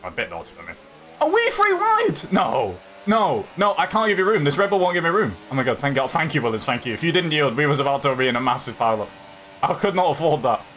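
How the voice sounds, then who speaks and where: A young sim racing streamer commentates his own race live in a fast, fairly high-pitched voice, with slight background noise. He's animated, chatting with opponents and viewers as he drives.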